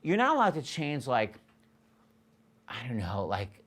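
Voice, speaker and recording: A man coaching a singer in a master class, animated and jokey, acting out lines and scatting melodies. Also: medium pitch, measured pace. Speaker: vocal coach. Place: studio or rehearsal room.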